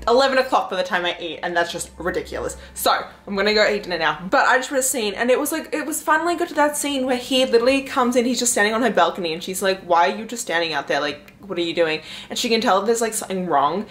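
A young woman vlogging about books she is reading, chatting casually and gushing, with "like" in nearly every phrase, swinging from hushed to excited. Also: on the high side, fast talker, few pauses. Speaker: book vlogger. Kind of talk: casual chat.

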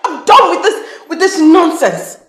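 A woman's voice: very high-pitched, big pitch swings, unhurried, a bit bright, reverberant, full character voice. An actress with a Nigerian accent playing a bitter young girlfriend who talks in a cutting, scornful way.

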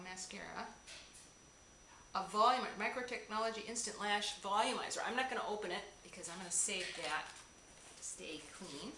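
A beauty vlogger with a fairly high-pitched, sharp voice gushes over a box of gifts in an excited unboxing chat, gasping and exclaiming with delight at each item she unwraps. The room is echoey, with clear background noise.

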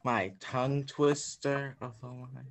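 A man's voice: mid-range voice, fairly even intonation, slow pace, slight background noise. A teenage boy, a student actor, answering hesitantly with many fillers on a video call. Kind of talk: hesitant meeting reply.

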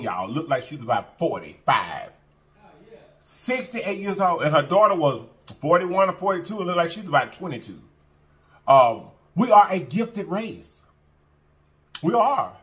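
Lively, bright-voiced man preaching to viewers. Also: on the high side. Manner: emphatic and repetitive, preachy, drawling fillers. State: full after a meal. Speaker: mukbang vlogger. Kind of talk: casual heart-to-heart talk to viewers.

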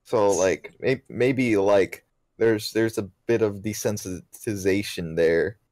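A man co-hosting a podcast in casual chat, talking haltingly with many restarts. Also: fairly low pitch, a little mellow, no room sound. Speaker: podcast co-host. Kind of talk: casual chat recapping a cartoon.

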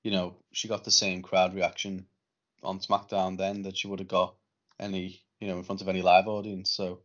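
Low voiced guy on a podcast, cursing and exasperated, kinda muffled sound. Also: monotone, moderate pace, fairly bright tone. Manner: swears a lot, exasperated. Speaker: podcast co-host. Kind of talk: casual wrestling chat. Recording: dull lo-fi podcast audio.

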